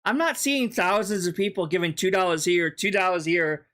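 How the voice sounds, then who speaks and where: A man's voice: high-pitched, moderate pace, pushed and bright. A man giving profane, dismissive reaction commentary on a stream.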